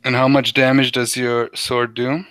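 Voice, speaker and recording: A man's voice: mid-range voice, flat delivery, unhurried, fairly bright tone, clean tone, no echo. A young man running a tabletop game in a casual, easygoing way. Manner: casual, easygoing, laughs often. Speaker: game master.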